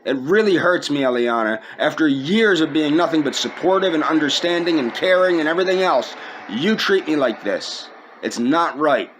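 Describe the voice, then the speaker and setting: A man's voice: fairly high pitch, lively intonation, normal speed, hardly any pauses, fairly bright tone, slight background noise. A man in a personal video rant, aggrieved and indignant, repeating his points. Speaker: vlogger.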